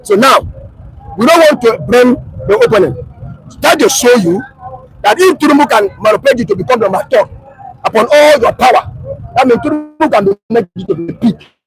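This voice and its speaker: A man with a Nigerian Pidgin English accent arguing politics loudly and insistently on a street, talking over interruptions. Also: very high voice, expressive, fairly quick, poor audio. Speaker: street debater. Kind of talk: heated street political debate.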